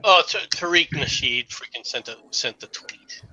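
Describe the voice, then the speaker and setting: A man's voice: medium pitch, lively intonation, normal speed, pushed and bright, no echo, rough recording. A man from the United States in casual chat who reads tweets aloud and talks history with eagerness.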